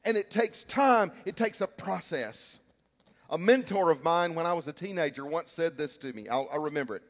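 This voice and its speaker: A man preaching a sermon as a pastor, telling stories and acting out shouts and quotes with lively energy. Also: fairly high pitch, normal speed, big-room sound. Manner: animated, storytelling, acts out shouts and quotes. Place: church sanctuary.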